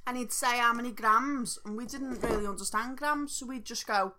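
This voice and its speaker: A woman's voice: a little high, normal speed, noisy background. A young woman co-hosting a podcast, chatting casually, rambling and laughing often. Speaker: podcast co-host. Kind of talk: casual chat.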